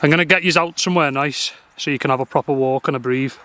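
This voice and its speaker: A man's voice: a little high, fast, sharp tone, slight background noise. A man, vlogging casually outdoors while cycling with his dogs in a trailer and chatting to them. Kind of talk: casual vlog to camera.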